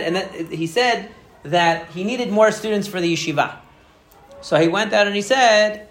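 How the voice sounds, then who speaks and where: A man teaching a Torah lesson, telling a story in an animated way with many fillers and restarts. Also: sits high.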